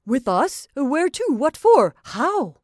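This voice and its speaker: A woman voicing an excitable, sulky young male traveller in a dry, close recording. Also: medium pitch, a little slow, no room sound. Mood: excited. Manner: agitated, sulky. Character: excitable, grumbling young Frenchman travelling companion.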